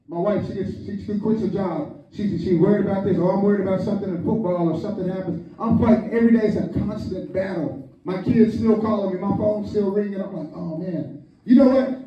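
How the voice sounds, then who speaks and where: Older pastor, lively joking sermon, high voice, muffled distant recording in a big echoey church. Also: male voice. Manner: call-and-response preaching, joking asides. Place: church sanctuary. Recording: echoey hall, distant, dull lo-fi.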